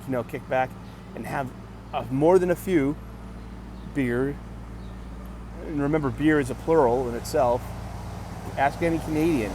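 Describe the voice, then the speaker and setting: A man vlogging in a casual rambling monologue outdoors at a bus stop, halting and restarting words, with jokey asides. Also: fairly high pitch. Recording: busy street noise around the mic. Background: passing traffic.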